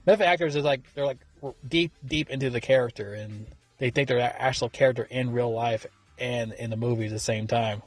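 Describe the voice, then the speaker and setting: A man's voice: medium pitch, fairly quick, no room sound, soft background music. A man giving a casual film review, rambling and swearing freely, with many fillers and restarts. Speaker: movie reviewer.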